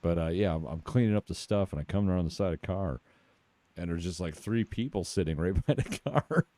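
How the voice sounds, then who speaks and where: Deep-voiced laid-back podcast man. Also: fairly quick, mellow, dry recording. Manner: laid-back storyteller, swears casually. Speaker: podcast co-host. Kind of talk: casual chat.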